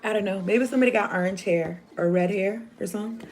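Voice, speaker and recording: A woman's voice: medium pitch, quick pace, a little mellow. A woman giving a casual, rambling tarot reading to her viewers, chatty and slangy. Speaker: tarot reader. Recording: noisy home recording.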